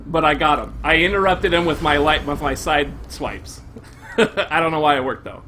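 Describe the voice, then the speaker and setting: Excitable high-voiced male game streamer. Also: normal speed, a little hiss or hum. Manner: excitable, profane, bursts into shouting. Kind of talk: live gameplay commentary.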